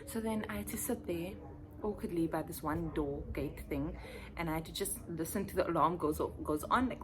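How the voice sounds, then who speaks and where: A woman's voice: deep voice, fairly quick, slight background noise. A young woman, a first-year teacher, telling a story in a casual vlog and acting out voices and sounds.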